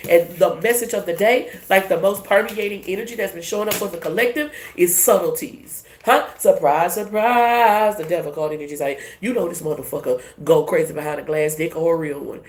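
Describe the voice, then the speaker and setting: A woman giving a casual tarot reading in a brash, profane, animated way. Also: on the low side, fast, few pauses, reverberant, a little hiss or hum. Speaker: tarot reader.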